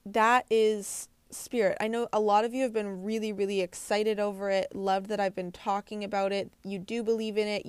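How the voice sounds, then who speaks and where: Young female host, earnest casual chatter, fillers and restarts, crisp voice. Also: mid-range voice, darkish tone, no room sound. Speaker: podcast host. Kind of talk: casual spiritual talk to listeners.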